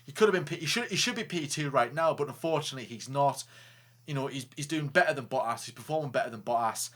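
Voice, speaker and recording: A man co-hosting a casual racing talk show, joking, animated and stumbling over restarts. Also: mid-range voice, quick pace. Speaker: co-host. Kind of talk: casual chat.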